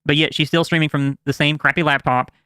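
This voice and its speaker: Bright fast ranting man. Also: a little high, little pitch movement, smooth, no room sound. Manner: ranting and profane. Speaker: livestream co-host. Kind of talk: casual livestream rant.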